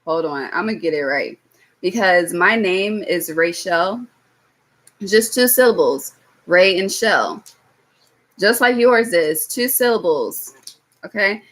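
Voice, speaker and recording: A young woman with a slightly low voice gives a tarot reading on a live stream. She talks casually and bluntly, swearing freely, and keeps checking in with her viewers with "okay?". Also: lively intonation, takes it slowly, pauses often. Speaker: tarot reader.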